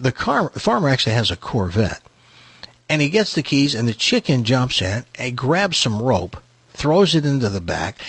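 A man with a mid-range, slightly breathy voice and no room sound hosts a radio talk show. He tells jokes and stories as an animated storyteller, using lively voices in playful banter.

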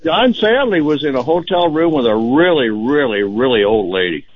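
A man calling in to a radio show and telling a joke in a relaxed, chatty way. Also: mid-range voice, normal speed. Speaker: caller. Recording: dull lo-fi radio call.

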